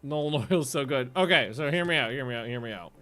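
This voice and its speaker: A man streaming a game and chatting casually, rambling, swearing and getting excitable. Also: medium pitch, fairly quick, soft background music. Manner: rambling, profane and excitable, often laughing. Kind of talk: casual chat while livestreaming a game.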